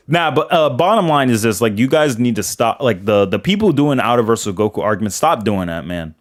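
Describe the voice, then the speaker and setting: This young man from New England, Boston accent and all, hosts a livestream in a medium-pitched voice that moves briskly with few pauses. His rambling is casual and animated, full of fillers and acted-out quoted dialogue.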